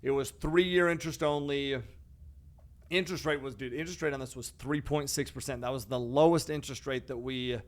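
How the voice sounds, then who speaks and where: A man's voice: mid-range voice, brisk. A man hosting a casual podcast, talking energetically and emphatically about real estate investing. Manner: energetic, emphatic, calls his co-host "bro" and "dude".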